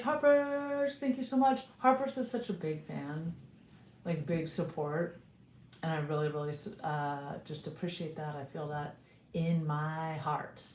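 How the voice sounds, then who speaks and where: A woman's voice: low-pitched, echoey room. A woman singer hosting a casual livestream, chatting in a rambling way and greeting viewers by name.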